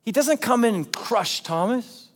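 A man preaching a sermon as pastor, in a conversational, animated way. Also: extremely high pitch, a little slow, in a large hall. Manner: conversational and animated, acting out quotes.

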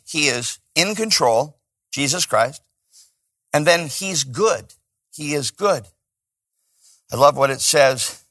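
Male pastor, slightly high voice, dynamic sermon delivery, loud peaks and soft asides. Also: creaky, dry recording, clean studio sound. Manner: dynamic preaching, swinging between loud emphatic peaks and hushed asides.

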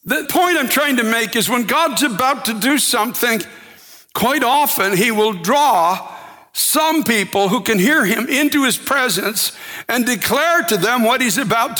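A man preaching a sermon with impassioned delivery that builds to shouting. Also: extremely high pitch, long reverb tail.

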